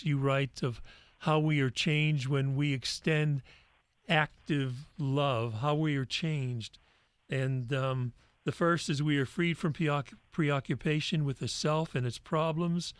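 Measured higher-voiced male interviewer. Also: no room sound. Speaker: interview host. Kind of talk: interview, reading quoted passages aloud.

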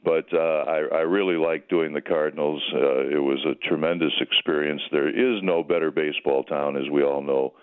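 Older man, very deep voice, folksy broadcaster, tinny phone line. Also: steady tone, normal speed, hardly any pauses, smooth. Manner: folksy, chatty, many fillers and restarts. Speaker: retired sports broadcaster, phone guest. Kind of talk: reminiscing interview answers. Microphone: telephone.

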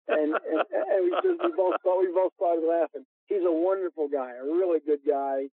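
A golf instructor from New York with a New York accent, telling stories with animated energy as a guest on a radio interview. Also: male voice, on the high side, moderate pace, few pauses, breathy edge, no room sound. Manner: animated storyteller, laughs while telling. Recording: dry narrow phone-line sound.

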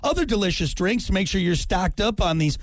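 Goofy dude on a morning radio show, kinda high voice, swings all over, dry studio sound. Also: male voice, lively intonation, brisk, no room sound. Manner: goofy, silly voices and bits. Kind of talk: casual radio banter.

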